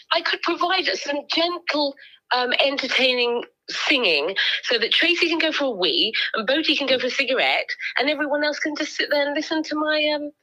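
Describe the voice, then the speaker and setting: A woman's voice: sits high, sharp tone, poor audio. A woman co-hosting a casual livestream, reading out viewer comments in a playful, giggly way with lots of ums.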